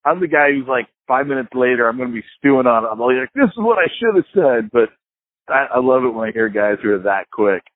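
A man's voice: medium pitch, steady tone, quick pace, no echo. A man co-hosting a casual podcast, recounting a story in a rambling, hesitant way with frequent laughs. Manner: rambling, hesitant, lots of fillers and restarts, laughs often. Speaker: podcast co-host. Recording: phone-like, dry sound.

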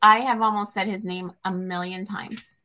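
A woman's voice: mid-range voice, steady tone, moderate pace, bright, forceful tone. A woman hosting a podcast interview, rambling and reflective as she tells her stories. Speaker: podcast host. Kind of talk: casual interview chat.

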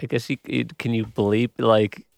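A man's voice: medium pitch, level tone, a little slow, gravelly, no room sound. A man hosting a casual chat who laughs often and asks questions. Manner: laughs often, short interjections. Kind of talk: casual conversation.

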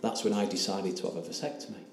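Speaking as an interview guest, this man in his 60s recounts a personal story with earnest emotion, halting as he quotes dialogue. His voice sits low and his intonation stays fairly even. Faint hiss and a roomy echo fill the recording.

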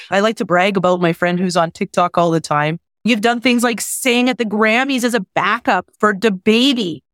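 A woman's voice: mid-range voice, no room sound, studio quality. Teary woman host gushing over her guest. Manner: gushing, full of praise. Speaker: podcast host. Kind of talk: introducing a guest.

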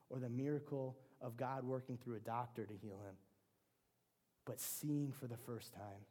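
A man's voice: mid-range voice, warm tone. A man preaching a sermon in a conversational way, with frequent restarts and fillers.

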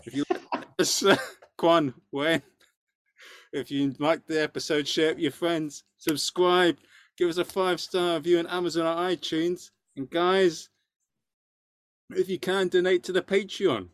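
A man's voice: a little high, steady tone, unhurried, dry recording. A man from London with a London accent, hosting a podcast in a jokey way with frequent laughs. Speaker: podcast host. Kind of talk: casual chat.

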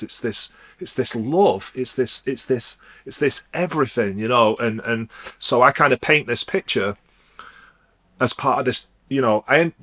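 A man's voice: mid-range voice, fairly bright tone. Rambling man telling his story. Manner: rambling, restarts often, full of fillers. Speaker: interview guest. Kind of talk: candid storytelling.

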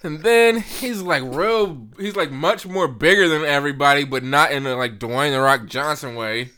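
Bright-voiced man ranting about a movie. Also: a little high, moderate pace, smooth. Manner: laughs often while ranting. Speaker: podcast co-host. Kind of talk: casual movie review chat.

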